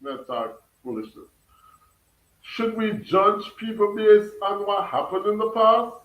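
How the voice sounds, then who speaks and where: A man's voice: high-pitched, big pitch swings, takes it slowly, a bit bright, recorded from a distance. A man with a Jamaican accent hosts a casual livestream, reading his chat aloud, laughing often and putting questions back to his viewers. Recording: echoey room, away from the mic.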